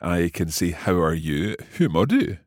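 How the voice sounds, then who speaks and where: A man's voice: low-pitched, big pitch swings, measured pace, no echo, clean studio sound. A middle-aged man hosting a language lesson podcast, curious and good-humoured, asking lots of questions. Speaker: podcast host and learner. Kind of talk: scripted language lesson chat.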